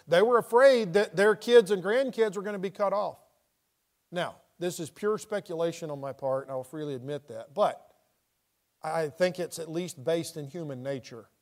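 A man's voice: on the high side, moderate pace. A man preaching verse by verse, reading scripture aloud and then paraphrasing it in plain everyday speech. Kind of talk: verse-by-verse Bible teaching.

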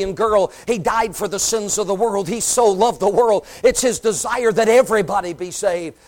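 Baptist pastor guy preaching, high voice, goes from loud and ringing down to almost a whisper. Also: poor audio. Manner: dramatic swings between loud, ringing and hushed, near-whispered passages; recites King James scripture in a cadenced preaching tone. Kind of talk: sermon.

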